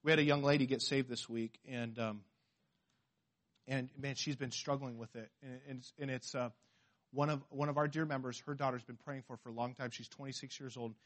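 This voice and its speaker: This pastor, from the western US, has a mid-range voice and a brisk delivery. His sermon feels lively and conversational as he acts out quotations and keeps restarting sentences.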